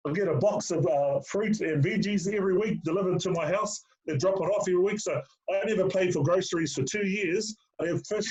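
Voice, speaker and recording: The voice sits high with a darkish tone, fairly quick and with few pauses, from a middle-aged former player being interviewed. He tells stories casually, loaded with fillers, calling the host mate. It's recorded with lo-fi, dull sound.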